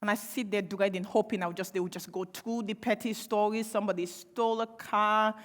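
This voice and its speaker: A young woman on a panel gives an impassioned, pointed public speech full of rhetorical questions and dry sarcasm. Her medium-pitched voice holds a steady tone and brisk pace, ringing with the long reverb of a large hall.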